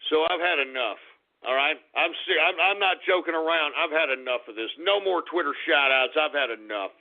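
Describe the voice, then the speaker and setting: A man hosting a radio talk show, ranting in an irate, profane way and swinging between shouts and mutters. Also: a little high, a little fast. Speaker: radio host. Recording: tinny phone-like radio audio.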